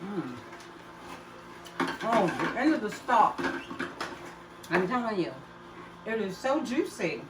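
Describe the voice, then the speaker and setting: An older woman chatting casually to camera in her home kitchen, talking warmly and laughing often as she makes juice. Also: mid-range voice, big pitch swings, slow pace, pauses often. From United States. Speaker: home juicing vlogger. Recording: roomy kitchen, mic at a distance, loud appliance noise.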